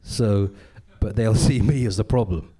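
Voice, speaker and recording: A man with a fairly low voice talks casually as a comedian guest in an interview. He is animated and jumps into loud, put-on voices whenever he quotes someone. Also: unhurried. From Britain. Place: live podcast recording in a venue.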